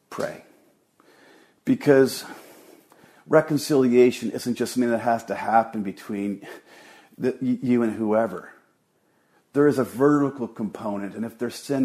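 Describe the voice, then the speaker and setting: A man's voice: lowish voice, dark tone. A middle-aged man preaching a sermon as pastor, earnest and emphatic, often repeating words for stress.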